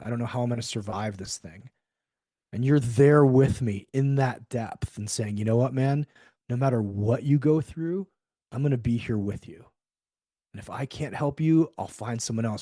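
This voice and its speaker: The speaker is a middle-aged podcast guest in a conversational interview, candid in tone and animated when he acts out what others said. He has a dark, mid-range voice. The sound is clean studio audio with no room sound.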